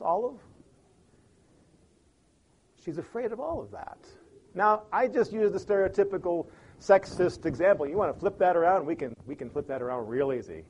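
Chicago guy doing a motivational talk, slightly high voice, acts out little scenes, speeds up and slows down a lot. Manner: animated storyteller, big swings of pace and loudness. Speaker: speaker on communication. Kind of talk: lively motivational talk with acted-out examples.

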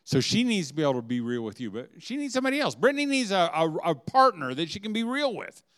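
Man, middle-aged, slightly high voice, smooth and clear, chatty, humorous speaker, acts out dialogue. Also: sing-song, fast, a bit bright. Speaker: speaker at a homeschooling event. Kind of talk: humorous inspirational talk to an audience.

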